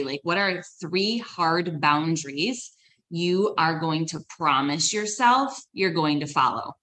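A woman's voice: sits low, pushed and bright, slight background noise. A woman financial advisor talking in a conversational, encouraging way, with fillers and restarts. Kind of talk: podcast interview.

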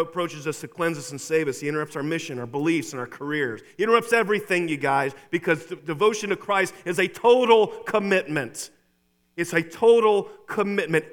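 A male pastor preaching a sermon in a church, excitable and talking to the congregation directly, often repeating his phrases. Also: sits high. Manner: excitable, repeats phrases, addresses listeners as "you guys".

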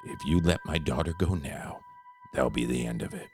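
A man voicing a hot-headed older Irish action-movie star in a comedy sketch, growling lines and bursting into shouts. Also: very deep voice, moderate pace, gravelly, music in the background. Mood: menacing. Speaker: podcast co-host.

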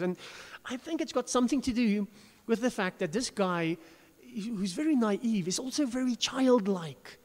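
Man, pastor, high voice, conversational sermon, self-deprecating, long church-hall reverb. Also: lively intonation, normal speed.

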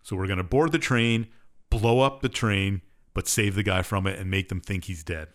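In a laid-back podcast chat, a man co-hosting the show runs through a game's storyline with a dismissive shrug. His voice is low, and he talks at a normal speed.

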